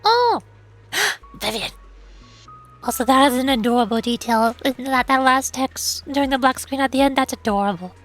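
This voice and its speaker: A tired woman streamer and voice actor chatting quietly and softly with frequent giggles. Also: high-pitched, steady tone, normal speed, soft background music. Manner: quiet and soft-spoken, giggly. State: tired after hours of streaming. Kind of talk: casual gaming stream chat.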